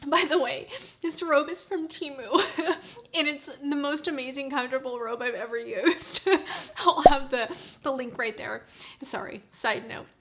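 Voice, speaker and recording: A woman's voice: high voice, steady tone, measured pace, a little hiss or hum. A woman in her forties, a beauty vlogger chatting casually to camera, rambling and drifting into side notes. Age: 40s.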